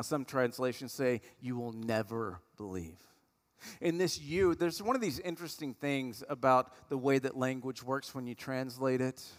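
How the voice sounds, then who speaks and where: A man's voice: a little high, a bit bright. A man, a pastor giving a sermon in a conversational storytelling way. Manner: conversational storytelling, acting out voices of the people in the story. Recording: long hall reverb.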